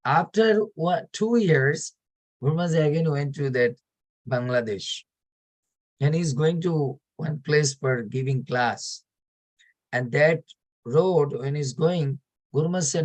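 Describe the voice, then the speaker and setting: A man with a slightly raised voice tells a devotional story in broken, non-native English. He talks like an animated storyteller, switching into each character as he quotes them. The delivery sits a touch above the usual male pitch throughout. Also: unhurried, rough recording. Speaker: devotional speaker.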